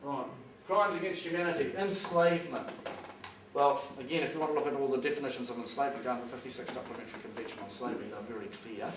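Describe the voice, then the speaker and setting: A man with a New Zealand accent speaks fast at a medium pitch, giving a plain-spoken, emphatic talk to an audience in a school hall and acting out phone calls. The recording is echoey, taken from a distance, with background noise.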